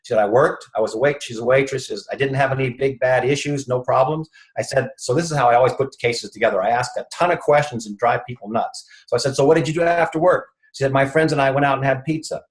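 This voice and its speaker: A man's voice: medium pitch, fast talker, hardly any pauses, rough recording. A man, a chiropractor guest in an interview, telling an anecdote and acting out what each person said. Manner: retells conversations, acting out the quoted speech.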